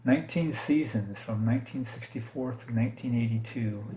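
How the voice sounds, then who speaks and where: Walking through his card collection in casual, unscripted commentary, a vlogger speaks at normal speed in a medium-pitched, dark-toned voice over slight background noise. He rambles hesitantly, keeps correcting himself, and jokes self-deprecatingly about his mistakes.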